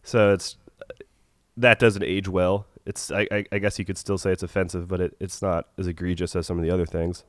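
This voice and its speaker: A young man with a head cold and a nasal voice, chatting casually as a podcast co-host with halting restarts. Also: low-pitched, level tone, no echo, studio quality. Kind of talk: casual chat.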